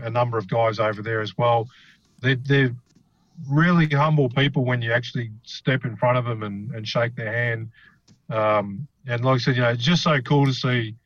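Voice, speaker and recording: A man's voice: medium pitch, a bit bright, no echo, muffled recording. An Australian man chatting casually as a podcast host, rambling with lots of fillers and the odd swear word. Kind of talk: casual chat.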